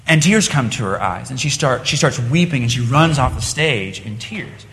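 A man's voice: medium pitch, lively intonation, normal speed, vocal fry, fairly bright tone, slight background noise. A man preaching a sermon in church, earnest and plain-spoken, with frequent restarts as he tells a story. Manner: earnest, rising and falling delivery with restarts. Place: church sanctuary. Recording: long reverb of a hall.

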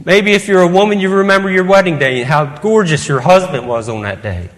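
A man's voice: sits high, expressive, a little fast. A man preaching an evening sermon, earnest, putting question after question to the congregation. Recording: long reverb of a hall.

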